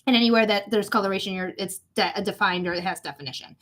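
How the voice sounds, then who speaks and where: A woman's voice: medium pitch, steady tone, quick pace, fairly bright tone. A young woman giving a live psychic reading, talking casually and bluntly to the viewer and swearing freely. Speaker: psychic reader.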